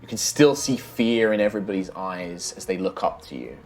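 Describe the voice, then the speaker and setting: A man's voice: low voice, animated, brisk, darkish tone, soft background music. A man narrating a fantasy tabletop game as dungeon master, describing scenes vividly with some fillers.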